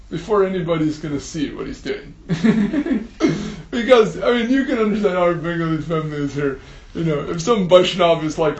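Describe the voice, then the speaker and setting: A man telling a spiritual story in an animated way, laughing often and using many fillers. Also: on the high side, echoey room, muffled recording. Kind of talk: storytelling talk.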